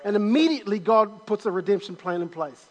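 An eager male preacher delivers a sermon, often repeating himself and restarting his phrases. His voice sits high for a man. The sound rings with the long reverb of a church auditorium. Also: expressive, fairly quick, darkish tone.

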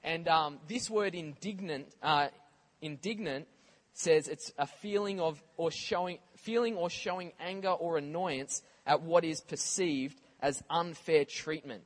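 Here the preacher's voice sits on the high side and moves at a measured pace as he speaks to the congregation in a chatty, energetic way, with casual asides.

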